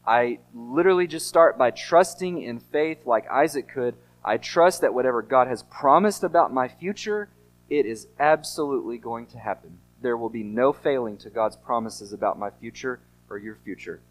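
A man's voice: medium pitch, moderate pace. A man preaching a sermon as pastor, earnest and emphatic, often asking rhetorical questions.

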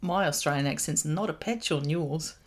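A woman's voice: low-pitched, moderate pace. A woman, co-hosting a podcast in rambling, giggly casual chat. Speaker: podcast co-host. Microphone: studio microphone.

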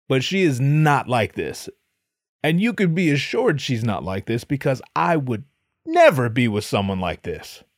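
A man's voice: mid-range voice, very animated, unhurried, dry recording. Man, podcast host, profane, rambling storyteller, dry close sound. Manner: profane, rambling, mock-boastful. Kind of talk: comedic storytelling.

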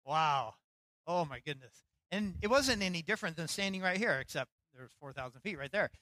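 Male pastor, middle-aged, preaching; bright, forward tone, dry close sound. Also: sits high, quick pace, no echo, low-quality recording. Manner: storytelling, animated, acts out quotes. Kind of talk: sermon.

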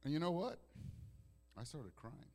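A male pastor preaching a sermon in a conversational storytelling way. He drops to soft, hushed lines and then rises to loud, emphatic outbursts. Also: fairly high pitch, very animated, a little slow. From Italian heritage.

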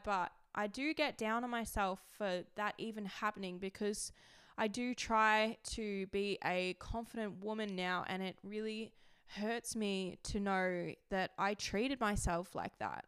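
A woman's voice: medium pitch, fairly bright tone, clean tone. A young woman hosting a podcast, talking candidly and emotionally about her past, with frequent "like" fillers. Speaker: podcast host. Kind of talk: candid personal monologue.

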